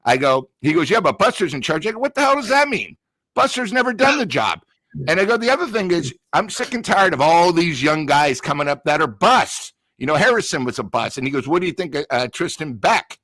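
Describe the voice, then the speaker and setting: A man's voice: on the high side, animated, brisk, hardly any pauses, fairly bright tone, no echo. A man giving blunt, ranting sports talk, telling stories with quoted back-and-forth. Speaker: sports talk show regular. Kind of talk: heated casual sports talk.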